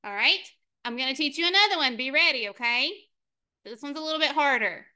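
An upbeat woman teacher with a high, bright voice, leading a class of children. She cheers them on and sounds out each new word slowly and clearly. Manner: upbeat and encouraging, slow clear modeling of words.

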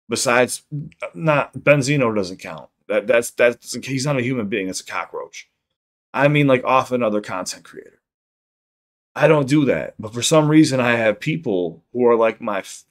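Give me a man with a Chicago accent chatting on a livestream, high and rambling, with a lot of swearing. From South Side of Chicago. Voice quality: rambling, profane, repeats himself. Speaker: streamer. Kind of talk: casual livestream chat.

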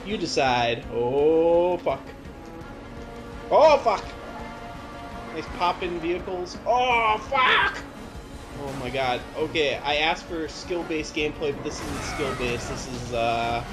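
This man's voice sits a little high and he takes his time. Playing a game with music in the background, he gives laid-back let's-play commentary, exasperated, swearing often and yelping when frustrated.

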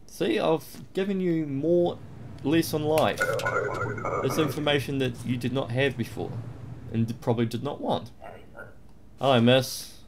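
A man's voice: medium pitch, fairly even intonation, unhurried, long pauses, background noise. A man giving playful, mock-official gameplay commentary, humming to himself and swearing now and then. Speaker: let's play host.

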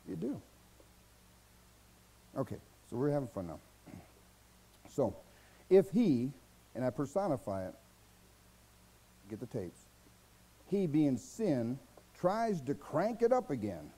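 A man preaching a sermon as pastor, in a folksy, colloquial way, dropping to low murmurs and then rising to loud, high bursts. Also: big pitch swings, slow pace, pauses often, slightly rough, rough recording.

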